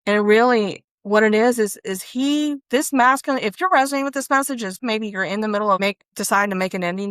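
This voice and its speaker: A woman talks through a tarot card reading in a loose, chatty way, pulling cards and reacting to them out loud. Her voice sits in an ordinary middle pitch. The sound is dry and close, with no room echo. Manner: chatty, Southern-tinged "y'all", breaks into laughs and excited exclamations. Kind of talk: casual spiritual card reading.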